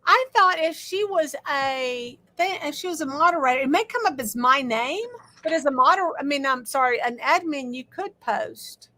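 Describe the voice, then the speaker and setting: A middle-aged woman hosting a craft livestream, chatting casually and talking loudly so her guest can hear over the audio trouble. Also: high voice, expressive, normal speed, hardly any pauses. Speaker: livestream host.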